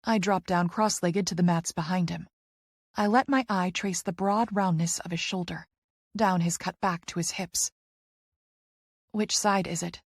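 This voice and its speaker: A woman narrating a first-person romance audiobook, expressive, moving between soft narration and heated dialogue. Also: on the low side, moderate pace, husky, no echo, clean studio sound.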